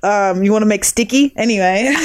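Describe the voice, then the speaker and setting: Australian woman, young, chatty podcast co-host who laughs and swears a lot. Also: medium pitch. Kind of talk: casual chat.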